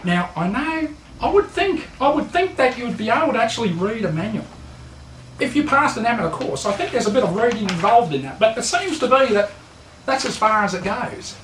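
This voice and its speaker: A man's voice: very high voice, animated, brisk, fairly bright tone, roomy sound, a little hiss or hum. An Australian man giving a sarcastic, mocking comedy lecture as a mock instructor.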